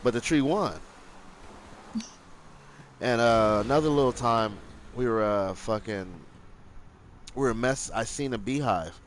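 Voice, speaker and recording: A young man tells a loose, swearing-laced story at a middling pitch, drifting off on tangents and breaking into loud put-on voices when he quotes people. Faint background noise sits behind him. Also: unhurried, pauses often. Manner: rambling, profane, acts out quotes in raised voices. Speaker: streamer telling a story. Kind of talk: casual storytelling.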